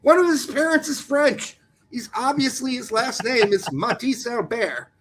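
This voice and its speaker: A man's voice: extremely high pitch, animated, a little slow, noisy background. A man co-hosting a soccer podcast in a casual, joking chat, teasing his co-host about pronunciations.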